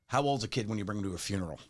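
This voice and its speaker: A man in his forties co-hosts a casual podcast, talking quickly and breaking into laughs. His voice sits a little low. The recording is close and dry. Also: no room sound. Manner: quick, chatty, laughs often. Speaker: podcast co-host.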